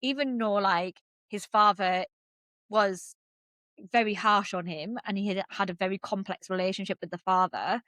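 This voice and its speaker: A young woman co-hosting a podcast, gushing and excitable as she recaps a TV episode and swears freely. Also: medium pitch, normal speed, no echo. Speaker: podcast co-host. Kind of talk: casual chat recapping a TV episode.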